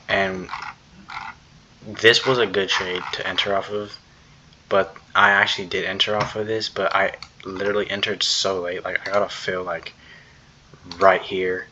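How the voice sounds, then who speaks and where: A man's voice: sits low, pushed and bright. A young man giving a casual, rambling recap of his trading day at his computer, full of fillers and slang. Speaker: day trader. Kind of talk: casual screen-recorded trade recap. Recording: slightly dull, faint background noise.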